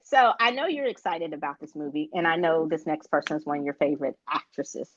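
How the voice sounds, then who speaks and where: A woman's voice: low-pitched, a little fast. A woman co-hosting a podcast in casual chat, talking frankly and at length, swearing freely. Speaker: podcast co-host. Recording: dull lo-fi recording.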